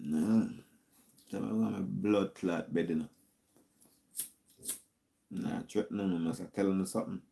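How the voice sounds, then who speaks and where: A man's voice: deep voice, steady tone, unhurried, creaky, pauses often, dark tone, slight background noise. A man hosting a call-in stream, musing aloud in a casual, hedging, teasing monologue.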